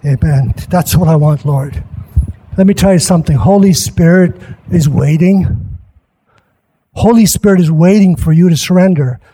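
A male pastor preaching a sermon at a church service, impassioned and rising at times to shouts. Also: on the high side, normal speed, long pauses, husky.

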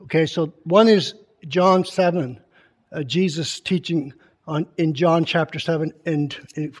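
Reading scripture aloud with emphasis, this preacher teaches conversationally and keeps quizzing his congregation with questions. His voice is on the high side and his pace a little slow.

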